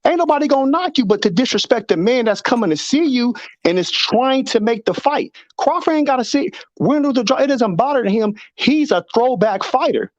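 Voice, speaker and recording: A man co-hosting a casual boxing debate, animated, acting out quotes and repeating himself as he argues. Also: very high-pitched, brisk, hardly any pauses, no echo, lo-fi sound. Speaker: boxing show co-host.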